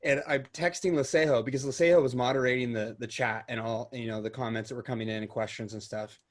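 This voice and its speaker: Brief: male podcast co-host, casual, rambling storyteller, average pitch. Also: steady tone, fast. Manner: rambling, chatty, laughs easily. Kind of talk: casual chat.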